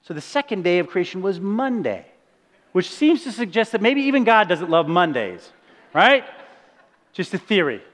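A man's voice: sits high, sing-song, moderate pace, a bit bright. A man preaching a sermon, emphatic, often asking his listeners rhetorical questions. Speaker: pastor. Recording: long reverb of a large hall.

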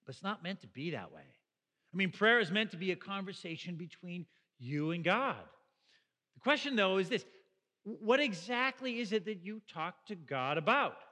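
A man's voice: high voice, animated, normal speed, sharp tone, long reverb tail. A middle-aged man preaching a sermon as pastor, in a conversational way that asks the listeners questions. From Canada.

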